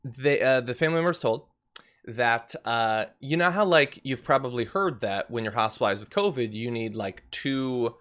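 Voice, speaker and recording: A man's voice: mid-range voice, animated, moderate pace. Exasperated man hosting political talk. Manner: conversational, exasperated, questions out loud. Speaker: host. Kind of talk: political commentary chat.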